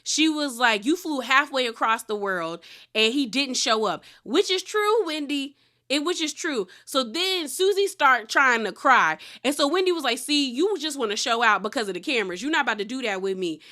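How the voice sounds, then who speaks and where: Bright-voiced woman recapping with gusto. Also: sits high, normal speed. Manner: animated retelling, acting out quotes. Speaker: reality TV recap host. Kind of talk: casual recap commentary.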